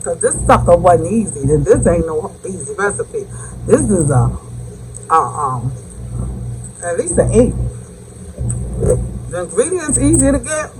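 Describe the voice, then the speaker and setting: Woman, home cooking vlog, lively swooping voice, slow drawn-out talk, higher pitch, faint background noise. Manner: effusive, calls viewers baby and y'all; savoring mm sounds while eating. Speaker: home cook and channel host. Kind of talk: casual cooking vlog with taste test.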